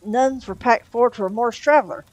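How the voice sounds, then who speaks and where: A woman's voice: on the high side, normal speed, darkish tone, no room sound, muffled recording, pitched above the performer's own voice, close to an everyday voice. A woman reading a storybook and voicing a sly, mocking male demon. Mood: breezy. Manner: breezy, mocking.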